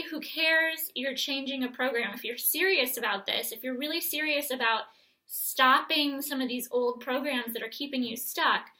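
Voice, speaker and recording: A woman coaching viewers through a guided self-help exercise, speaking gently and straight to the viewer. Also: high voice, rough recording.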